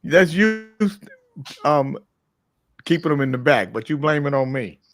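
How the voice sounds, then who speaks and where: A man's voice: fairly high pitch, expressive, unhurried, fairly bright tone, no echo, studio quality. A middle-aged man hosting a morning talk show, teasing his co-host and telling crude jokes in casual, profane banter.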